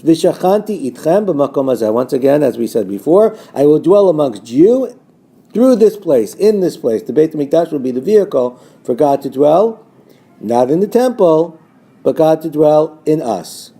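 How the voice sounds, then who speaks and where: A male teacher giving a recorded lesson on a biblical text, reading Hebrew verses slowly and translating them line by line. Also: dark tone. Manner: rises in pitch when quoting the false prophets' words.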